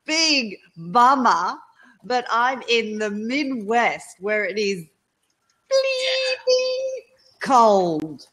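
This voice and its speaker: A woman with an Australian accent chatting casually on a video call, slangy and quick to laugh. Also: fairly high pitch, lively intonation, pushed and bright. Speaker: guest on a group video chat. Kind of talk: casual chat.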